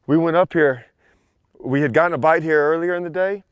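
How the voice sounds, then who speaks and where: Breathless excited man on a lake. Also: a little high, brisk, smooth, no echo, clean studio sound. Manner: excitable, shouting with joy. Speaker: fishing show guest anchor. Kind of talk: excited on-camera fishing talk. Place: on a boat on a lake outdoors.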